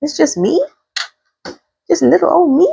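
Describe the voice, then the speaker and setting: A woman voicing a timid young girl who is unsure of herself, in a small, high, wavering voice. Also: a little slow, gravelly, mellow, dry recording, exaggerated voice.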